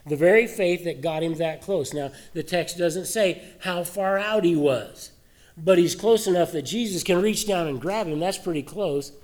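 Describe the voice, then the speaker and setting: A man's voice: high-pitched, moderate pace, darkish tone. A male pastor giving a sermon in a conversational way, asking many rhetorical questions.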